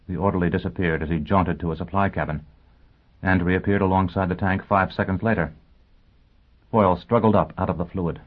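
A man narrating an audiobook in a measured, dramatic reading. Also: low voice, steady tone. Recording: tinny phone-like sound.

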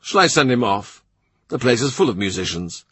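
A man's voice: medium pitch, very animated, normal speed, sharp tone, breathy edge, no room sound, full character voice. A man voicing a wry, witty middle-aged court official who teases in a dry manner. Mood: wry, teasing. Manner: dry, teasing storyteller.

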